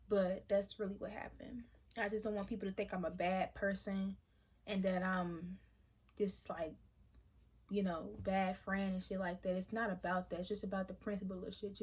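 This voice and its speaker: A woman of about twenty telling her side of a story to camera in a casual, emotional vlog, speaking frankly and swearing freely. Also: medium pitch. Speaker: vlogger.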